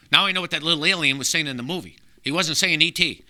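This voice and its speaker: A man performing a stand-up comedy set as guest comedian, gruff and wisecracking, slipping into voices. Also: fairly high pitch, quick pace, few pauses, pushed and bright, no room sound. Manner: gruff, wisecracking storyteller who slips into voices. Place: small live venue.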